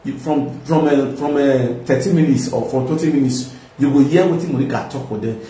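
A man's voice: medium pitch, fairly quick, dark tone, far from the mic. A man with a Nigerian accent giving a mocking, rambling reaction commentary, laughing often. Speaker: social media commentator. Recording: echoey room, voice from off-mic.

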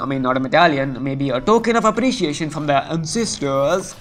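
Excitable let's play commentator. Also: mid-range voice, a little fast, hardly any pauses, soft background music. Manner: excitable, chatty, talks to game creatures. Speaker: gameplay host.

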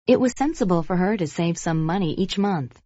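Low-voiced woman reading lesson sentences. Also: animated, a little fast, dark tone, no room sound, highs cut off. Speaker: lesson narrator. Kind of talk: scripted vocabulary lesson narration.

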